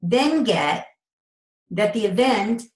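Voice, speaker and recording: A woman's voice: medium pitch, slow. A middle-aged woman explaining parenting ideas in an interview, often acting out quoted dialogue, over a video call. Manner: animated, acts out quoted dialogue. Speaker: parenting expert guest. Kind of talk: interview, explaining with acted examples. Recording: echoey room.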